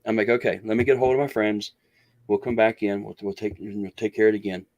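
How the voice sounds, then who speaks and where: A man's voice: on the low side, flat delivery, fast talker, a little mellow, lo-fi sound. A man telling a long story as a guest in an interview, rambling with many restarts and acting out what others said. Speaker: guest researcher.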